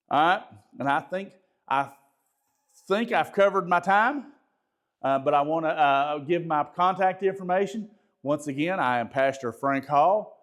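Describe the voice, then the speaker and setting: A pastor giving a conversational training talk, folksy, repeating words and asking the audience questions. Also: male voice, a little high, measured pace, a bit bright.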